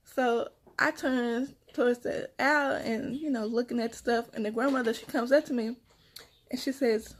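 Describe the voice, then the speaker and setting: Young woman, mom vlogger, chatty storyteller, slightly high voice. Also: moderate pace. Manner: chatty, animated retelling with repeated phrases. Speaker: mother vlogging about her kids. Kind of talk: casual storytelling to viewers.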